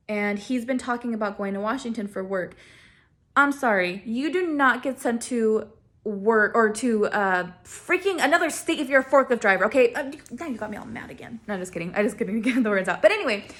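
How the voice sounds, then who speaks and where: A woman telling her own story in a casual vlog. She talks in a sassy, animated way and laughs often. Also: a little high.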